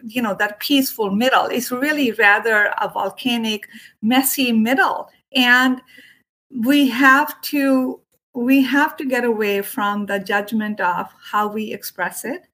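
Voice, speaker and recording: A woman's voice: fairly high pitch, unhurried. A woman who is an Ayurvedic doctor and yoga teacher, chatting casually about emotions and acting out quoted voices. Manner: animated, acts out quoted voices. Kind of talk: casual spiritual conversation.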